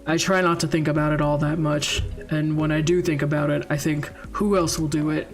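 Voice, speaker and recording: A woman voicing a gruff male detective in a visual novel game, in a flat, serious, clipped delivery. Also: low voice, fairly quick, soft background music, pitched below the performer's own voice, lightly acted. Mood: matter-of-fact.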